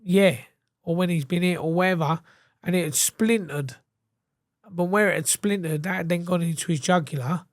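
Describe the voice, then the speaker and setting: A man's voice: high voice, moderate pace, dry recording, studio quality. A man, a guest telling a story in a casual, blunt way, swearing freely and acting out what others said. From England. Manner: blunt, sweary, acts out quoted dialogue.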